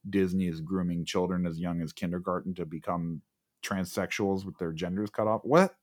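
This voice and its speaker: A man's voice: low-pitched, fairly even intonation, a little fast, a little mellow. A man co-hosting a podcast in casual chat, rambling and sarcastic with lots of fillers. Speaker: podcast co-host.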